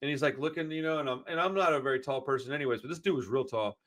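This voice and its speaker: A man's voice: medium pitch, racing, fairly bright tone. A man, hosting a podcast and telling long, rambling stories in casual chat, full of cursing and "dude.". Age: 40s. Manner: rambling, profane storyteller, says dude a lot. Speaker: podcast host.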